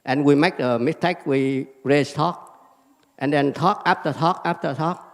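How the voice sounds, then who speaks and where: A man giving a Buddhist teaching in halting, fragmented phrases with many fillers. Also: a little high. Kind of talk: dharma lecture. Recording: hall reverb.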